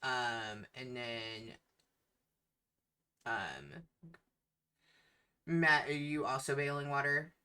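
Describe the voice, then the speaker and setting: A game master narrating a tabletop game in an unhurried way, with many fillers. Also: medium pitch, sharp tone, smooth.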